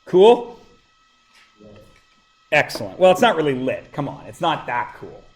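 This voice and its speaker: A man's voice: fairly high pitch, measured pace. Male teacher, playful anecdote-teller, bouncy intonation, roomy classroom sound. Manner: joking, animated storyteller. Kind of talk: casual classroom talk with anecdotes.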